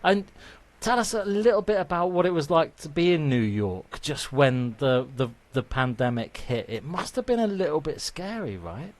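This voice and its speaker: A man's voice: on the high side, animated, normal speed, hardly any pauses. A man from Cornwall with a West Country accent, a chatty host of a live show. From Cornwall, England. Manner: chatty, reads out viewer comments. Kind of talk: casual live show hosting.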